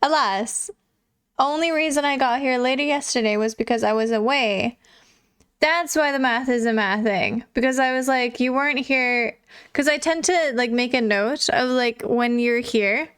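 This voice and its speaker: Young woman streamer, laid-back chatter, slightly high, clear and smooth voice, cusses casually. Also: moderate pace, fairly bright tone. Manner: chatty, swears casually, laughs often. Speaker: livestreamer. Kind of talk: casual chat reading viewer messages.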